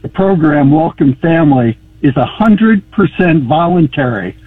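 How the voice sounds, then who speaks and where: A man's voice: fairly high pitch, animated, measured pace, husky, no echo. A man calling in to a radio show, arguing insistently and repeating his point over the host. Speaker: caller. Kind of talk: heated call-in argument. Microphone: telephone. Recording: tinny dry phone line.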